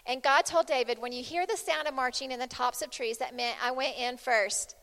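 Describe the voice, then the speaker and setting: A woman's voice: sits high, steady tone, brisk, sharp tone. A woman preaching a sermon, emphatic and repeating phrases as she builds intensity. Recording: long hall reverb.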